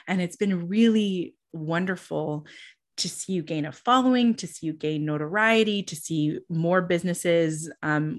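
A woman hosting a casual podcast interview, gushing and enthusiastic, with lots of fillers. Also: lowish voice. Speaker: podcast host.

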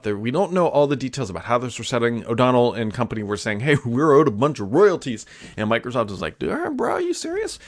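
A man's voice: mid-range voice, no room sound, clean studio sound. A man hosting a casual solo tech news show, chatty and offhand, with frequent fillers and asides.

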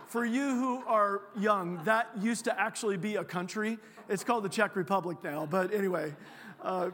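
A man giving a sermon as a guest preacher in a church, joking and animated, often restarting his sentences. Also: high voice, long reverb tail. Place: church sanctuary.

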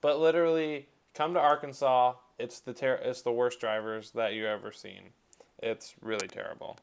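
A man co-hosting a casual podcast, ranting animatedly and swearing about slow traffic. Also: medium pitch, fairly even intonation, clear, resonant tone. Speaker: podcast co-host. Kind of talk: casual chat.

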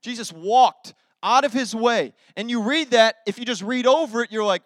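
High-voiced animated male preacher. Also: normal speed, hardly any pauses, no room sound, studio quality. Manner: animated storytelling, swinging from loud to quiet. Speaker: pastor. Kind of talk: sermon.

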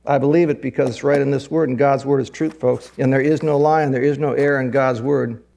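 A middle-aged man preaching a sermon, emphatic, repeating phrases and rising to high excited peaks. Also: brisk, creaky. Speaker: pastor.

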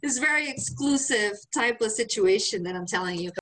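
Crowd noise sits behind this woman's fairly high-pitched voice, which moves at an ordinary speed. Co-hosting a podcast, she recounts a story in profane, casual talk, lively and quick to act out quotes.

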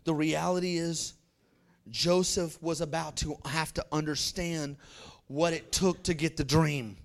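A man preaching a sermon as pastor, telling a story in a lively colloquial way and calling out to his congregation. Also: fairly high pitch, vocal fry. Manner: lively storytelling, acting out characters in quick voices.

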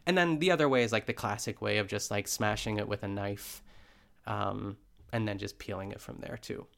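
A man's voice: fairly low pitch, normal speed, creaky, a bit bright. A man hosting a podcast, talking in a casual, chatty way with lots of filler words and frequent laughs. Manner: laughs often while talking. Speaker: podcast host.

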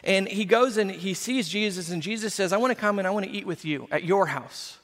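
Animated high-voiced male pastor. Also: brisk, in a large hall. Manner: animated, emphatic, with conversational asides. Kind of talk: sermon.

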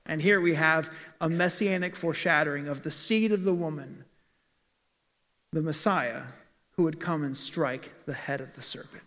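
A man's voice: fairly high pitch, moderate pace, fairly bright tone. A male pastor giving a sermon in a church, asking rhetorical questions and reading scripture aloud. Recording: long reverb of a large hall.

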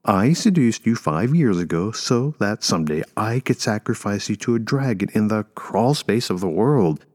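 A man voicing a desperate young mother who pleads and snaps with impatience, his voice rising high and strained. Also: lively intonation, a little slow, a little mellow, in a large hall. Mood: pleading. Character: desperate young mother, woman betraying former lover.

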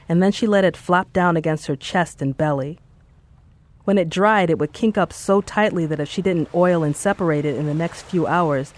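An audiobook narrator reading a story in a measured, steady way. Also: medium pitch. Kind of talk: scripted narration.

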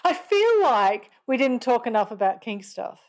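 An Australian woman talking as a podcast guest. Her voice sits a little high, and she speaks bluntly, laughs often and swears freely. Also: sing-song, moderate pace. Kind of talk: casual chat.

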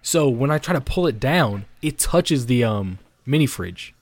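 Young male podcast co-host, mid-pitch voice, swears a lot, rambling, dry close sound. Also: animated, a little slow, no echo. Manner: rambling, heavy swearing, many restarts and "like" fillers. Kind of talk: casual storytelling.

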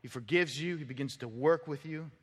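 A man preaching a sermon as pastor, animated, acting out quoted voices and repeating words as he builds up. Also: a little high, brisk, husky. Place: church sanctuary. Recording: long reverb of a church hall.

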